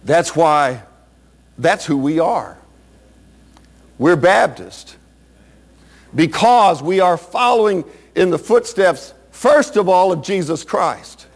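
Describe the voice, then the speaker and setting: High-voiced fervent preacher man. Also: lively intonation, slow pace, creaky, pauses often. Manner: fervent, rising and falling preaching cadence. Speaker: Baptist preacher. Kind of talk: sermon.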